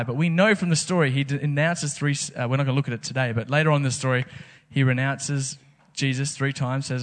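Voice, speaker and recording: Man, pastor, casual sermon, rhetorical questions, mid-pitched voice. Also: steady tone, quick pace, few pauses.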